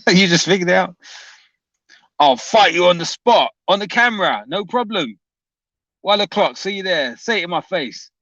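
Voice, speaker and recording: A man's voice: lively intonation, normal speed, gravelly, pauses often, no echo, full character voice. A man putting on a voice as a brash tough-talking man who dares someone to fight him on the spot. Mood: challenging. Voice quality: loud, goading, higher than his own voice. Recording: dull dry lo-fi mic.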